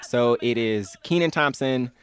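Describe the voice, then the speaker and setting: A man's voice: mid-range voice, measured pace, smooth. A man in his thirties chatting as an interview guest, enthusiastic and rambling, laughing often. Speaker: guest, comedy fan. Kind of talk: casual interview chat.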